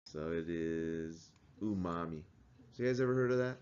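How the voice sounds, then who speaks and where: Low-voiced man lecturing a class. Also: normal speed, a little mellow, smooth, highs cut off. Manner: asks the class questions, conversational. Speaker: teacher.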